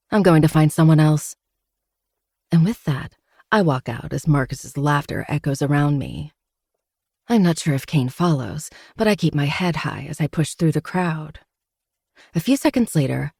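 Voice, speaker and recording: Woman narrator for a first-person romance novel, low, gravelly, dry close sound. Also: warm tone, dry recording.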